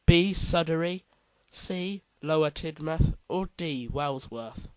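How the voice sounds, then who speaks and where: A man's voice: fairly high pitch, slow, darkish tone, clean tone, no room sound, rough recording. A man hosting a casual quiz, reading out multiple-choice options with playful asides. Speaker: quiz host.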